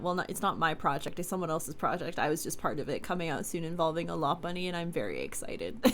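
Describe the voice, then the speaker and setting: A woman's voice: lowish voice, vocal fry, a bit bright. A young woman streamer chatting casually and bubbly with viewers, laughing often. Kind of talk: casual live-stream chat.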